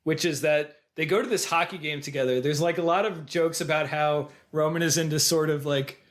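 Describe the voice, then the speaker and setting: A man co-hosting a film podcast, retelling scenes in an animated way and slipping into quoted voices. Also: fairly high pitch, fairly quick. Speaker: podcast co-host. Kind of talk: casual film discussion.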